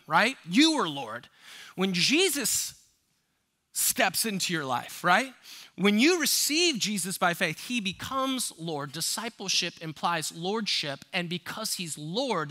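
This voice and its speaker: A man's voice: fairly high pitch, sharp tone. A man preaching a sermon as a pastor, emphatic and conversational, asking the congregation rhetorical questions. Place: church sanctuary.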